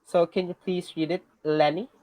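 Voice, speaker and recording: A teacher with a Filipino accent giving a class lesson, patiently checking in with students and pausing on fillers. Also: mid-range voice, steady tone, background noise. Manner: patient, checks in with "okay?" often; hesitant, many fillers and restarts.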